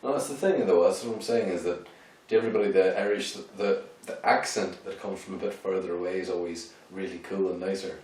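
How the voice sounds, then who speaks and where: A man in a casual chat, opinionated and quick to cut in. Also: low voice, steady tone, a little mellow, far from the mic. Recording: very echoey room, off-mic, faint noise.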